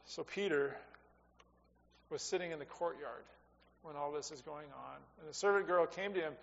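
A man giving a sermon as a pastor, talking conversationally, rising for emphasis and dropping to quiet asides. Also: fairly high pitch, normal speed, creaky, pauses often. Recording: dull sound with long reverb in a hall.

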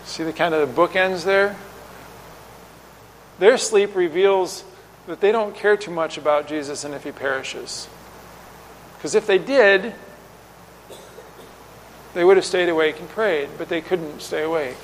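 A man preaching a sermon, explaining with lively rhetorical questions and acting out quoted lines. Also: fairly high pitch, measured pace, long pauses, big-room sound, slight background noise, low-quality recording. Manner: animated teaching, voices rhetorical questions and acts out quotes.

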